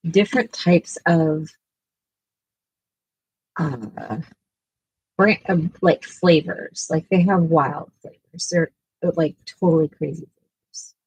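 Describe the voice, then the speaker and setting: A woman's voice: low-pitched, takes it slowly, pauses often, a little mellow, slightly rough, dry recording, low-quality recording. A woman chatting casually while painting at home, cooing sing-song at her dogs. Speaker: artist and vlogger.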